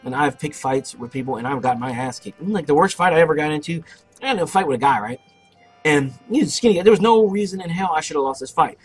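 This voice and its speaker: A young man narrating his online game play, telling a loud, profane story about a fight. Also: on the high side, fast, husky, faint music behind. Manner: brash, profane, boastful storyteller. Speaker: gameplay commentator. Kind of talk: casual let's play storytelling.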